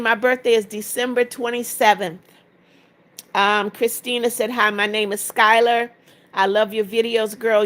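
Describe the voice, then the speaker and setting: A woman's voice: on the high side, fairly bright tone. A woman in her seventies hosting a live stream, reading out viewers' comments and greeting them one by one in a motherly way. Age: 70s. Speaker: livestream host.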